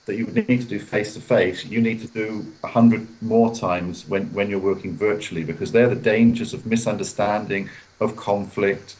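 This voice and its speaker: A man with a fairly low voice answers interview questions over a video call from a hotel room. He explains in a measured, steady way and acts out short example phrases as he goes. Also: low-quality recording. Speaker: guest author and editor.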